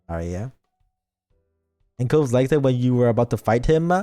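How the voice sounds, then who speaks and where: Lively playful man streaming a story game. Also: medium pitch, moderate pace, long pauses, soft background music. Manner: playful, reads lines aloud and reacts with teasing asides. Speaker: VTuber streamer. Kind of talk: live-stream reading of a story game with chat banter.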